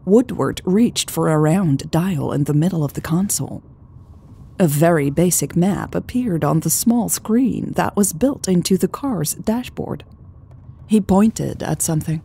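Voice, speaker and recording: A woman narrating a romance audiobook in a measured, calm reading. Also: lowish voice, gravelly, slightly rough. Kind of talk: scripted narration.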